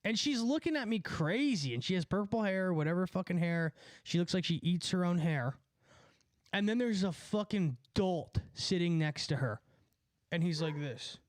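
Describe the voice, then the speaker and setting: Animated profane man ranting on a stream. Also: high voice, moderate pace, dry recording, clean studio sound. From California. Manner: animated, profane, jumps between story and asides. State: out of breath. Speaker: live streamer. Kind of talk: ranting storytelling on a live stream.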